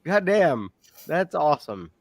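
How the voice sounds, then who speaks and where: A man's voice: on the high side, sing-song, measured pace, gravelly, a crowd in the background. A man co-hosting a casual podcast chat, blunt and swearing freely, laughing often. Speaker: podcast co-host. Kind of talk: casual banter.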